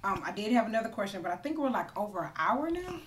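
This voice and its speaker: Teasing, expressive woman host. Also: medium pitch, quick pace. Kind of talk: casual conversation.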